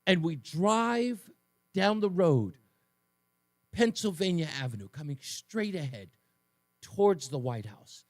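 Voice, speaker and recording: Animated, high-pitched male radio host. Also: takes it slowly, pauses often, no echo. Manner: animated storytelling with sarcastic asides. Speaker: radio talk show host. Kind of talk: talk radio monologue. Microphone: studio microphone.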